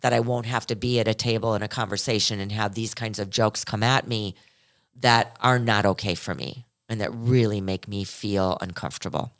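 A woman's voice: extremely low pitch, moderate pace. A woman co-hosting a podcast in casual chat, earnest and reflective, often restarting her sentences. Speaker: podcast co-host.

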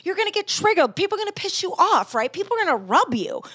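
A woman hosting a podcast in casual chat, bubbly and animated, swearing freely. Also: very high voice, quick pace, no echo, clean studio sound. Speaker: podcast host.

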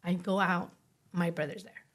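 A young woman talking as an interview guest, telling a personal story in a casual way. She speaks in quick runs full of "like" and acts out what others said. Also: lowish voice, steady tone, fairly bright tone.

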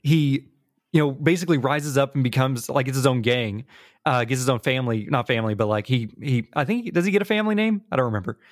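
A man in his thirties co-hosting a casual chat, relaxed and rambling, laughing often. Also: medium pitch, fast. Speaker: podcast co-host.

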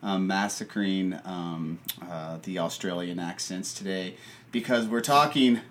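A man co-hosting a casual podcast, chatting in an animated, jokey way and laughing often. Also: deep voice, measured pace. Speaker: podcast co-host. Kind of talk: casual chat.

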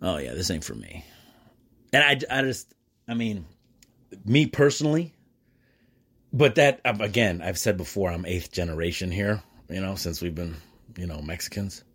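A man's voice: low-pitched, normal speed, pauses often, fairly bright tone, slightly rough. A man hosting a podcast in a casual, rambling monologue, restarting often and calling listeners "man" and "bro.". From Michigan, United States. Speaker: podcast host; small business owner and dad.

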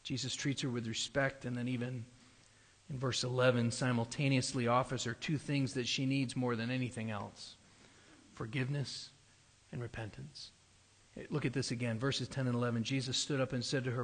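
A pastor preaching a sermon, explaining scripture in an earnest, steady way. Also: male voice, mid-range voice, normal speed. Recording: long reverb of a large hall.

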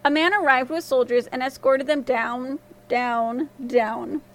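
High-voiced woman telling a fairy tale. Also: steady tone, unhurried. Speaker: storyteller. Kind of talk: fairy-tale storytelling narration.

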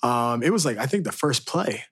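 A young man co-hosting a podcast, telling stories in an animated way and swearing casually. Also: mid-range voice, moderate pace, husky. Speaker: podcast co-host. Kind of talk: casual chat.

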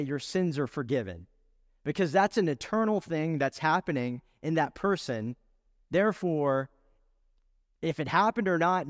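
Male pastor, sermon delivery, fairly high and dry up close with long hall reverb behind. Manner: earnest, rhetorical questions, builds emphasis.

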